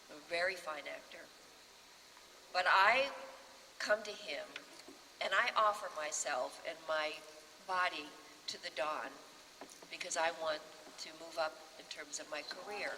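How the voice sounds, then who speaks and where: A woman in her sixties, an actress on a panel, lively and acting out other people's lines as she tells a story. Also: deep voice. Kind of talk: storytelling anecdote. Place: festival panel in a hall. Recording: reverberant hall, faint background hum.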